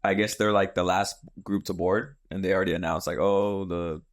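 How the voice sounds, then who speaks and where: Man, young adult, podcast host, lowish voice, casual storytelling, swears, acts out quotes. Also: fairly even intonation, moderate pace.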